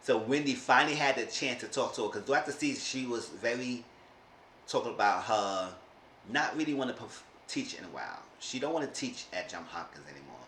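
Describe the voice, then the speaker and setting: A man's voice: mid-range voice, expressive, fairly quick, bright, forceful tone. A man casually recapping a reality TV episode, rambling and often restarting his sentences. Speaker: show recap vlogger. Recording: roomy room with faint hiss.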